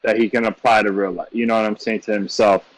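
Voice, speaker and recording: A man's voice: lowish voice, little pitch movement, quick pace, dry recording, low-quality recording. A man co-hosting a casual podcast, laid-back, often asking "you know what I'm saying". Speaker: podcast co-host.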